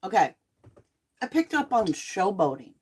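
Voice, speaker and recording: A middle-aged woman chats casually into a home desk mic. She is blunt and animated, and she throws in lively asides. She sounds a little sick from a cold and cough medicine. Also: medium pitch, a little slow, breathy edge. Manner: chatty, blunt, animated asides and mock quotes. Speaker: host of a live true crime tarot chat. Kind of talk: casual livestream chat.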